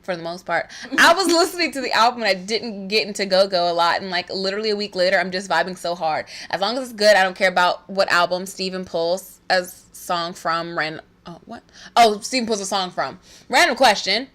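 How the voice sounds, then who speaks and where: A woman from Southern Maryland co-hosting a podcast, reading listener comments in a giggly, excitable, casual way with some swearing. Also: mid-range voice, brisk. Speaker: podcast co-host.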